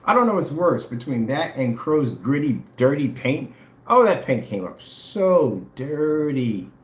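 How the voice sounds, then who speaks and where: A boastful, taunting man trash-talks his rivals in a vlog. His pitch swings up and down a lot. The sound echoes around the room. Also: big pitch swings, measured pace. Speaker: vlogger selling paint products. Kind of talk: trash-talking challenge vlog.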